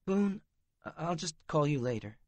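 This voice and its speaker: A man voicing a young woman who speaks softly and sounds defeated, in an audiobook. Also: a little high, animated, normal speed, no room sound, pitched above the performer's own voice. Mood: subdued. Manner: soft, quiet. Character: young woman, embarrassed and subdued.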